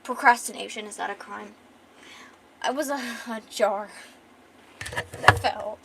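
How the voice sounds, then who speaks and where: A woman's voice: mid-range voice, steady tone, measured pace, creaky, a bit bright, slight background noise. A young woman streamer chatting casually and rambling with swearing while she draws. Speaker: art streamer. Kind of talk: casual chat.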